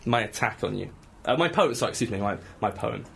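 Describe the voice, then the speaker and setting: A man's voice: lowish voice, lively intonation, quick pace, gravelly, fairly bright tone, breathy edge. A man hosting a comedy radio show in a studio, teasing his guest and then reading his own rhyming rap poems with mock-boastful swagger. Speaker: radio host. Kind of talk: comic radio banter and rap poetry reading.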